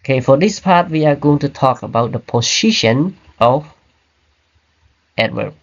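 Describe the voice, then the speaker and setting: A man teaching an online grammar class, explaining slowly and checking in with "right?" and "okay?". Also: mid-range voice, expressive, dull audio. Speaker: English teacher. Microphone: computer mic on a video call.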